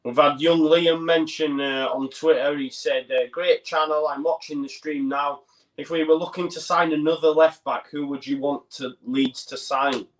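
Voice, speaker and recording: A man's voice: fairly high pitch, steady tone, moderate pace, distant mic. Matey man, a bit off the mic. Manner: matey and laughing, reads messages aloud. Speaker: co-host reading viewer comments. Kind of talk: casual live match chat. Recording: voice heard from off the mic.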